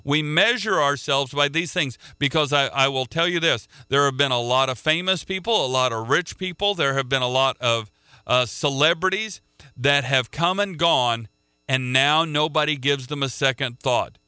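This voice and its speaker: A man's voice: mid-range voice, normal speed, pushed and bright, clear, resonant tone, dry recording, studio quality. A man preaching a sermon in an earnest way, often repeating words as he restarts a thought.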